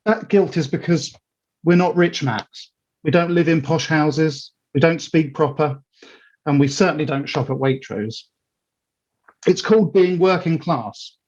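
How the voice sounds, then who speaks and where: A man reads his own letter aloud, earnest and sincere with wry, self-mocking asides. His voice sits a little high for a man. The sound is dull and lo-fi, like live-stream audio. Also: darkish tone. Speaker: author reading his letter. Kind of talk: reading a personal letter aloud.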